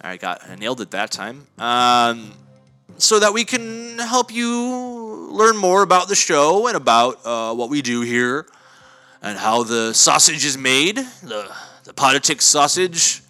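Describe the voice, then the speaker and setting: A man hosts a comedy podcast in a deadpan, mock-self-important monologue, his slightly high voice bright and forceful. He rambles, stumbles over words and corrects himself with frequent fillers. Faint music plays underneath. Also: unhurried. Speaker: podcast host.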